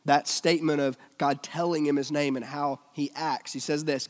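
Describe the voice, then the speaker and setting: A male preacher giving a sermon, swinging between loud emphatic lines and hushed, almost whispered ones. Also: fairly high pitch, a little fast, few pauses, long reverb tail.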